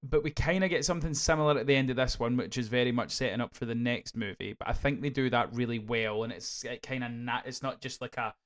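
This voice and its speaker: A Scottish man co-hosting a podcast, reviewing a film in casual, animated chat full of swearing and restarts. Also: mid-range voice, fast, few pauses. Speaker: podcast co-host.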